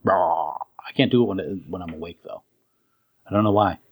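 Husky joking podcast co-host man. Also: low voice, moderate pace. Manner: joking, laughs often, playful silly voices. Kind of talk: casual podcast banter.

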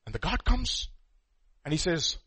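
Guy preaching, fairly high bright voice, goes from quiet to big and loud, drags out the key words. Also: very animated, husky. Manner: dramatic swings from hushed to loud; slows down to stress key words. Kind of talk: preaching a sermon.

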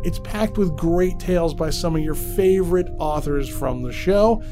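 A man hosts a horror fiction podcast in a relaxed, chatty way, with a voice that sits on the higher side. He trips over his words and pokes fun at himself as he goes. Faint music plays beneath him. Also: moderate pace. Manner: chatty, self-deprecating, stumbles over words. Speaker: podcast host. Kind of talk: casual show introduction.

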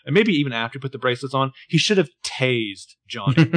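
A man's voice: medium pitch, animated, quick pace, fairly bright tone, no echo. A young man co-hosting a casual chat about a TV episode, with hedging, jokey commentary. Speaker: podcast co-host recapping a TV show.

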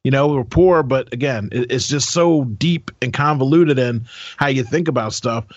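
An American man co-hosting a podcast over a remote link, animated and rambling, often repeating himself. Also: mid-range voice, moderate pace, no room sound. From United States. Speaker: podcast co-host. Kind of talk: casual panel chat. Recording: dull, dry remote audio.

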